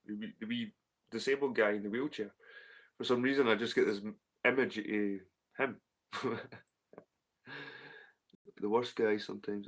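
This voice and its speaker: A man's voice: on the low side, bright, forceful tone. Rambling, swearing Scottish man. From Scotland. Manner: rambling, swearing, repeats himself. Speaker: livestream host reading chat. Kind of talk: casual livestream chat.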